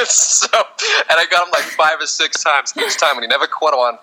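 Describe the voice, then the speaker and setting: A man's voice: fairly high pitch, a little fast, sharp tone, low-quality recording. A man, a guest on a talk show, casually telling joking anecdotes and laughing as he talks. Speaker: guest, former cooking-show contestant. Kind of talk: casual storytelling chat.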